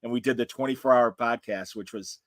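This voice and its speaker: A man's voice: medium pitch, fairly quick, dry recording. A man hosting a casual chat show, talking in a rambling way with lots of fillers and restarts. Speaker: host.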